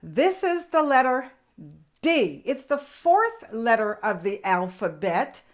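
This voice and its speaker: An older woman hosting a children's lesson, speaking enthusiastically and slowly sounding out letters. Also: a little high, big pitch swings. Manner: enthusiastic, exaggerated, slow demonstrative. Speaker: children's show host and teacher.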